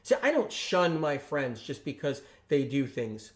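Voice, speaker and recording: A man with a notably high voice talks on a casual livestream. He speaks emphatically and repeats his points, often checking in with tag questions. He slips into lively voices when quoting friends. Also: unhurried. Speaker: health channel host on a livestream.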